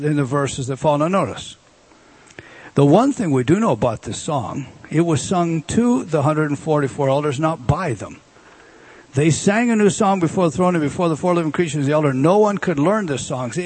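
A man's voice: on the high side, a little mellow, breathy edge. A man preaching an expository sermon to a congregation. He is emphatic, repeats key words and asks the room questions.

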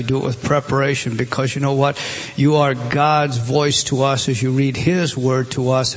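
Man, middle-aged, pastor, sermon, husky voice, earnest exhorting delivery. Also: mid-range voice. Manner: earnest, exhorting preacher with frequent restarts.

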